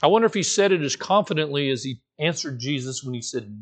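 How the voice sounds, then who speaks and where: A man's voice: a little high, lively intonation, fast. A man preaching a sermon, acting out the quoted voices with frequent restarts. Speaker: pastor.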